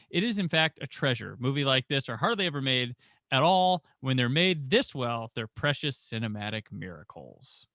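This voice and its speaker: Bright, lively podcast host man. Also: on the high side, no echo, studio quality. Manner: animated storyteller, acts out quoted voices. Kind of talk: casual movie discussion.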